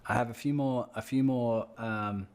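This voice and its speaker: A man's voice: mid-range voice, fairly even intonation, normal speed, darkish tone. A man hosting an interview, thoughtfully restating and building on his guest's points in casual talk. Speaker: podcast host.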